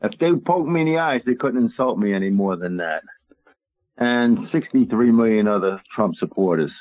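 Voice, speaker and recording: A man's voice: lowish voice, lively intonation, normal speed, dry recording. A male caller phoning in to a talk show, his voice squeezed into a thin, dry phone line. He talks emphatically and indignantly, rambling from point to point. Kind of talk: call-in radio talk.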